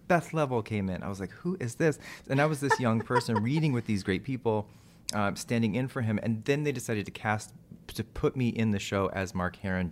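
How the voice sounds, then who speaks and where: A man from Texas chatting casually in an interview, joking at his own expense and acting out quotes from others. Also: lowish voice. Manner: chatty, self-mocking, full of asides and quoted voices. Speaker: actor and TV host, interview guest. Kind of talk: casual chat.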